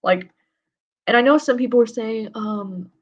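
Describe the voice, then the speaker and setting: A woman's voice: a little high, unhurried. Young woman guest, casual book chat, swears freely, slightly dull call audio. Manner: casual, swears often, many "like" fillers.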